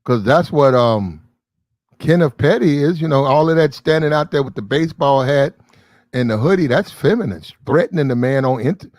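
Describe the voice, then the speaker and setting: A man's voice: fairly high pitch, expressive, normal speed, a little mellow, no echo. Man, livestream host, blunt and disbelieving, swears casually; dry, close sound. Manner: blunt, incredulous, swears freely. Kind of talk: casual commentary.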